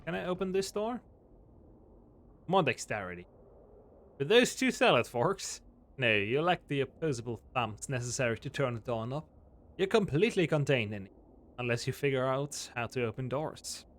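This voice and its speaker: A man's voice: mid-range voice, expressive, moderate pace. A man streaming a game live, reading the text aloud and joking through it. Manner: playful, swings from reading game text to loud outbursts.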